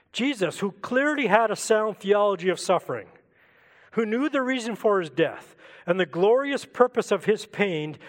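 A man preaching a sermon in a reflective way, asking rhetorical questions and slowing down for emphasis. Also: sits high, big-room sound.

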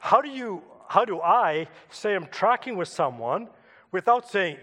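Storytelling preacher in an echoing hall. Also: male voice, high-pitched, expressive, measured pace, sharp tone. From Canada. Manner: conversational storytelling with asides to the congregation. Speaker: pastor. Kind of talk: sermon.

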